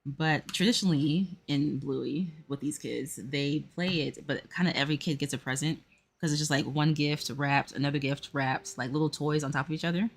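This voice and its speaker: A woman's voice: low-pitched, normal speed. A woman hosting a puzzle livestream, chatting casually and rambling with lots of fillers while she talks to her viewers. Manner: talks to chat while working a jigsaw.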